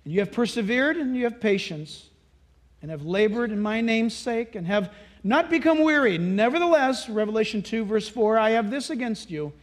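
A male pastor preaching in an animated, storytelling way, sliding between voices as he tells each story. His voice sits very high for a man, and his pitch swings widely from line to line. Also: normal speed. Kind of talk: sermon.

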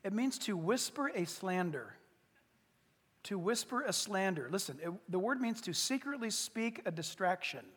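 A man preaching with a strikingly high voice that leaps all over the place. His delivery is playful and humorous, full of acted-out little scenes. The sound carries a long, hall-like reverb. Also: animated, moderate pace, fairly bright tone, husky. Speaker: pastor. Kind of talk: sermon.

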